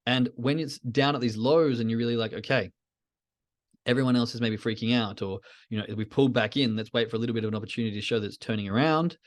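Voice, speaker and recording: A man teaching trading in a casual podcast lesson, walking through a chart and acting out the thoughts of anxious traders in quick asides. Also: medium pitch. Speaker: trading educator.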